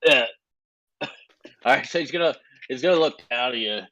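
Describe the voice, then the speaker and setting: A man's voice: mid-range voice, normal speed, sharp tone, no echo, lo-fi sound. A man narrating as game master for a tabletop game, hesitant and restarting often.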